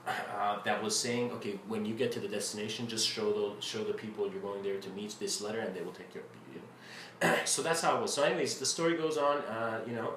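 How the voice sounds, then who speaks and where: A man's voice: mid-range voice, a bit bright. Man, spiritual lecture, rambling, filler-heavy, roomy echo, faint background hiss. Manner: rambling, full of fillers and restarts. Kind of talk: casual spoken lecture. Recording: roomy with faint ambient noise.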